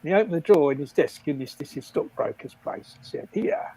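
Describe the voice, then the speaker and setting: A man's voice: fairly high pitch, fast talker, a little mellow, slightly rough, rough recording. An older man, telling rambling stories in casual chat on a livestream, often laughing and acting out the people he quotes. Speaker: livestream guest storyteller.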